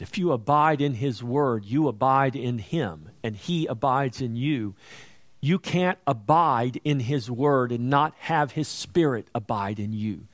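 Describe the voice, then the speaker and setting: Male pastor, mid pitch, very slow and emphatic sermon delivery, dry close sound. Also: no echo. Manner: slow, emphatic preaching that rises loud and high at questions and quoted scripture. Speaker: preacher.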